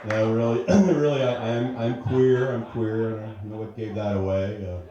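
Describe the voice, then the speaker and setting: A man's voice: on the low side, moderate pace, hardly any pauses, highs cut off, background noise. A middle-aged man doing a brash, crude stand-up comedy set on a comedy club stage, with a handheld mic. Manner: brash, crude, with mock-fussy character voices. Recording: very echoey club room.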